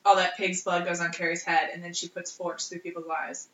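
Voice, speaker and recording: A woman's voice: fairly low pitch, little pitch movement, fairly quick, sharp tone. A woman co-hosting a podcast in casual chat, wry and teasing. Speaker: podcast co-host. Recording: roomy, dull lo-fi sound.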